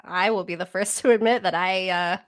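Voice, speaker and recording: A woman co-hosts a podcast in lively, enthusiastic conversation. A tickle in her throat leaves her voice slightly squeaky. She laughs easily between her sentences. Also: brisk. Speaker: podcast co-host. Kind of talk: casual chat.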